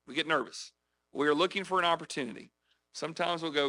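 Preaching on evangelism, this man from South Carolina talks fast in a fairly high, pushed and bright voice. His sermon is conversational and built on personal stories, and he chats with the audience, frequently tossing in "right? okay?" check-ins.

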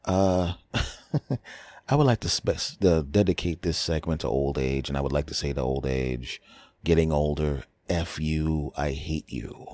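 Brash, deep-voiced male podcast host ranting. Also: unhurried, a little mellow, no echo. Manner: brash and mocking. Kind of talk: comedic rant.

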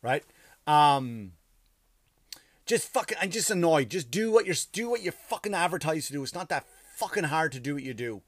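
A man's voice: a little high, lively intonation, normal speed, no echo. A tired man, a comedian, telling a story in a casual, profane, ranting monologue.

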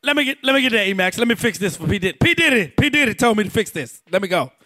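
Casting: male host storyteller, high and lively, dry close mic. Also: racing, no echo. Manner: acts out quotes, shouting and laughing. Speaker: radio personality telling a story. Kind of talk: animated storytelling.

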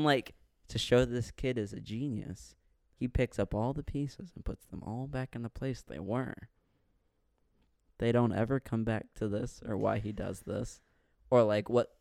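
A man in casual podcast chat, retelling a movie scene by scene and acting out the characters with sudden loud, swearing outbursts. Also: medium pitch, gravelly, dry recording, studio quality. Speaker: podcast co-host reviewing a movie.

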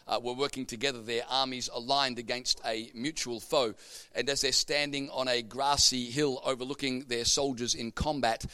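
A man preaching a sermon, an animated storyteller with comic punchlines. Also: medium pitch, no room sound.

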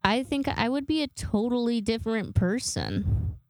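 Stuffy-nosed young woman just rambling into her podcast mic, swears a lot, smooth voice, dead dry room. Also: on the high side, animated, normal speed, dry recording. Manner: rambling, self-deprecating, swears casually. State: congested from a sinus infection. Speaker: podcast host. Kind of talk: casual solo podcast monologue.

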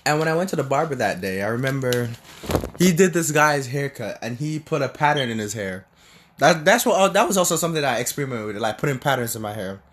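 A man's voice: mid-range voice, fast, background noise. Rambling young man telling a story. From Jamaica. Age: young adult. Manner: rambling, animated, with frequent restarts and fillers. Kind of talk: casual storytelling.

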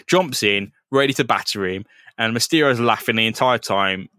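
A man co-hosting a podcast, casually retelling a comic book in an animated, crude, laughing way. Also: medium pitch, brisk, no echo, clean studio sound. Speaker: podcast co-host.

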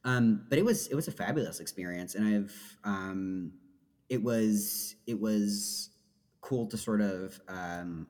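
A man's voice: lowish voice, takes it slowly, a little mellow, big-room sound. A young man who is a podcast guest, chatting in a playful, jokey and self-deprecating way. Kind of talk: casual podcast chat.

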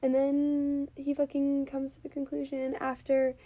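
Speaking a little slowly in a high voice, a woman reviews a TV episode over a drink. She keeps things casual and animated, swearing often and stuffing her speech with "like".

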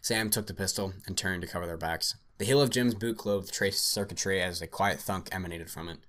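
A man's voice: sits low, fairly quick, fairly bright tone. A man hosting a podcast, reading a story aloud and chatting casually, swearing and laughing easily. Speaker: podcast host.

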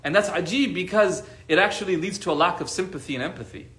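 A man's voice: high voice, quick pace, a bit bright. A man teaching a casual study class, talking conversationally and often checking in with his listeners with rhetorical questions, dropping in Arabic religious expressions. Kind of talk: casual lesson to a group. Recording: echoey room.

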